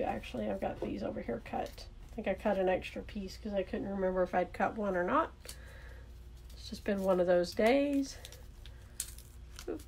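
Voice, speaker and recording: Chatty Southern woman with a gravelly edge. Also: medium pitch, a little mellow, slight background noise. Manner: chatty, thinks aloud while working, self-correcting. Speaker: card-making instructor. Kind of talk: casual craft demonstration.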